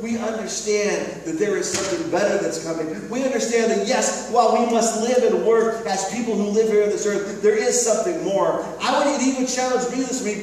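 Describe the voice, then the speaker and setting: A man preaching a sermon as pastor, emphatic and repetitive, full of rhetorical questions. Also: extremely high pitch. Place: church sanctuary. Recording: echoey hall recorded from far off.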